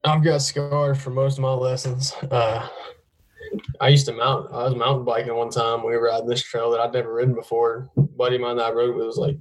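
A man's voice: medium pitch, little pitch movement, brisk, rough recording. A young man in casual chat, telling rambling stories laced with swearing. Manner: rambling, profane storytelling.

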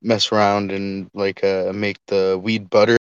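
Man, laid-back chat, smooth fairly low voice, dry muffled lo-fi recording. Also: little pitch movement, dry recording. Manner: laid-back, chuckling, with drawn-out fillers. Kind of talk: casual chat. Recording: dull, dry lo-fi mic.

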